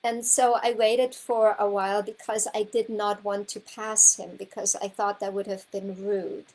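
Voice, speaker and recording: A horsemanship coach tells her students a personal story, her mid-range voice measured, a little mellow and fairly flat in pitch, on a low-quality recording. She rambles heartfelt, restarting, repeating words and correcting herself, and gets emotional almost to tears.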